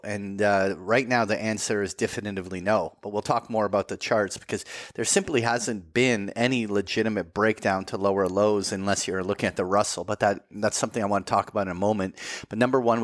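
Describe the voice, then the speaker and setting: A man's voice: on the low side, dry recording, studio quality. A man co-hosting a markets podcast, reviewing charts in a methodical way with many fillers. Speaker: podcast co-host.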